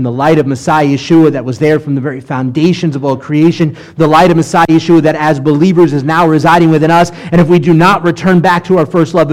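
A man with a slightly high voice preaches as a rabbi. He reads scripture with Hebrew words woven in, and his delivery swings from hushed to forceful. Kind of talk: sermon.

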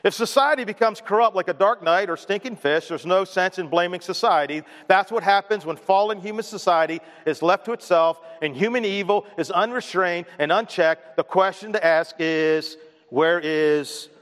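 A man's voice: high-pitched, moderate pace, few pauses, fairly bright tone, long reverb tail. A man preaching a sermon as pastor of a church, emphatic and repetitive, calling on the congregation to respond. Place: church sanctuary.

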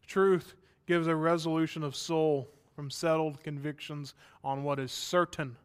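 A man's voice: fairly high pitch, steady tone, unhurried, smooth. A man preaching a sermon as pastor, earnest and building to emphatic passages, with dry asides.

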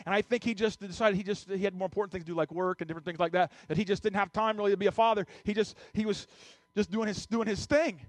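A man with a notably high voice preaches from the pulpit. He tells a story first, then presses the congregation with urgent, repeated exhortations. The sound is close and dry. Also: dry recording. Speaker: pastor. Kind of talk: sermon with personal story.

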